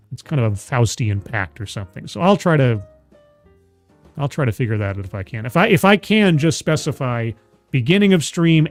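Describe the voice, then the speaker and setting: A man hosting a livestream in a casual, rambling, self-deprecating way, reading out viewer comments and stumbling over restarts. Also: mid-range voice. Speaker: livestream host.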